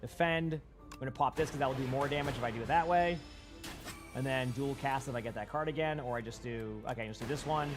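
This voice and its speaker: A man's voice: medium pitch, quick pace, music in the background. A young man with a Boston accent giving casual, rambling live-stream commentary while playing and chatting with viewers on a headset mic.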